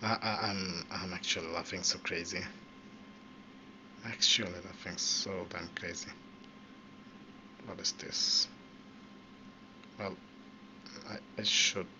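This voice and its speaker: A man with a low, unhurried voice talks through a pool game. He reacts loudly and swears freely at the screen. His dull home mic picks up a steady noise underneath. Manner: excitable, swears often at the game. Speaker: gaming channel host. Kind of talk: casual live gameplay commentary.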